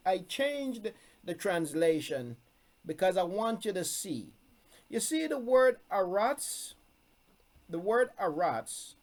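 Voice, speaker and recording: A man's voice: on the high side, a little mellow. A man teaching from scripture to a streamed congregation, reading verses aloud and repeating his key points with emphasis. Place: room, streamed on video call.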